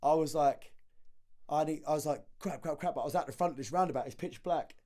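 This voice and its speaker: A man, a podcast guest telling his story in casual conversation, animated and slangy, often repeating words as he acts out the dialogue. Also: fairly high pitch, fast talker.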